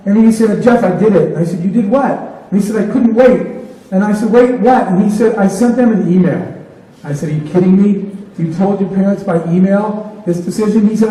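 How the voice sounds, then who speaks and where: A man's voice: high voice, mellow. A man giving a motivational talk to an audience, retelling conversations as dialogue. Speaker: keynote speaker. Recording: echoey hall from far off.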